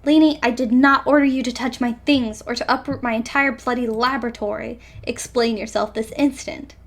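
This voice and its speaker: A woman's voice: a little high, steady tone, moderate pace. A woman voicing a fussy, proper male inventor, reading a visual novel aloud in a formal, clipped way. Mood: stern.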